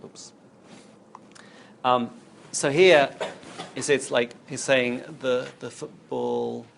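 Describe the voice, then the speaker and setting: Gravelly-voiced male lecturer. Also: medium pitch, steady tone, very slow, slight background noise. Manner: explains while demonstrating on screen, thinking aloud. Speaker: university lecturer. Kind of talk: recorded university lecture.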